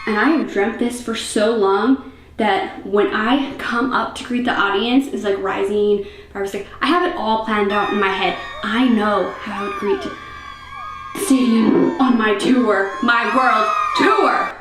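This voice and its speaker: A woman's voice: medium pitch, fairly even intonation, a little slow, background noise. A young woman vlogging casually at home on a camera mic. She rambles and fills her talk with "like" and "um". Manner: chatty and rambling, full of "like" and "um". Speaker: fitness vlogger. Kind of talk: casual vlog chat. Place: room at home. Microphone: camera microphone. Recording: roomy echo.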